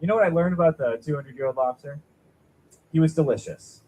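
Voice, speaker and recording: A man's voice: a little high, fast, dark tone, poor audio. A young man doing a rambling, self-deprecating stand-up set at a small open mic, chatting with the crowd. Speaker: stand-up comic.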